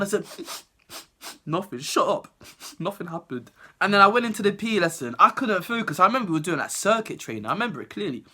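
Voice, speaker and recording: A young woman telling a storytime vlog in an animated, laughing way. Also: fairly low pitch. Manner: animated, laughing, acts out other people's voices. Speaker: vlogger.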